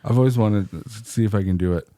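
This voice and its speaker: A man's voice: on the low side, fast, warm tone, dry recording, clean studio sound. A man co-hosting a podcast in casual chat, giggly and self-mocking. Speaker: podcast co-host.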